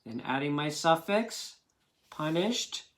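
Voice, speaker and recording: A man's voice: fairly high pitch, lively intonation, slow pace, a bit bright. A man teaching a children's phonics lesson, patiently sounding out words syllable by syllable.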